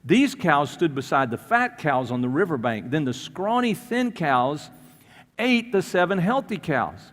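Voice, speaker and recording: A man preaching a sermon as pastor, telling a story in an animated way and briefly acting out the people in it. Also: a little high, unhurried. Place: church. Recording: long reverb of a church hall.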